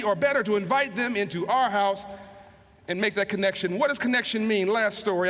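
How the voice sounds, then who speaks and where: A man giving a storytelling motivational speech to an audience. He often repeats words as he goes and slows down for emphasis. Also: extremely high pitch, fairly bright tone. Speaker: motivational speaker. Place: large hall, live event. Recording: long hall reverb.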